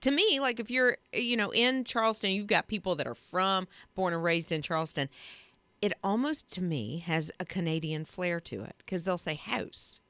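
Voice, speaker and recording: A woman co-hosting a morning radio show, chatting in an animated, storytelling way. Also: lowish voice, normal speed, smooth, no echo. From Ohio, moved South as an infant. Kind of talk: casual radio chat.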